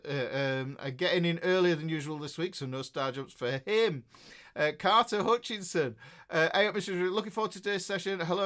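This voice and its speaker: A middle-aged Yorkshire man chats on a live stream as a guitar teacher. He rambles along, stopping and restarting with plenty of fillers. His voice sits a little on the high side. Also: fairly bright tone. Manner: chatty and rambling, with many fillers and self-interruptions. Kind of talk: casual live-stream chat.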